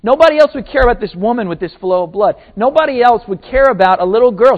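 A man preaching a sermon, retelling a story with lively acted-out quotes. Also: very high voice, fast talker, few pauses. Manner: animated storytelling, acting out quotes. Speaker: pastor. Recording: tinny phone-like sermon recording.

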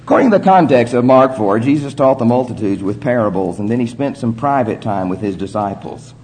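A man preaching a sermon, telling the story in an earnest way with measured pauses. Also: mid-range voice, lively intonation, darkish tone, slight background noise.

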